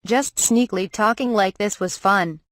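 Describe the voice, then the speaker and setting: A woman narrating a light novel audiobook, reading the story and its dialogue in an even, measured way. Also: mid-range voice, no echo, studio quality. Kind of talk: scripted narration with character dialogue.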